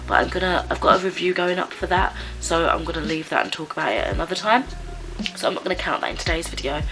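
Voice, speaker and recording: A woman with a raspy, stuffed-up voice from a cold, chatting casually through a book review with lots of fillers and restarts. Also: lowish voice, rough recording. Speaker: book vlogger. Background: background music.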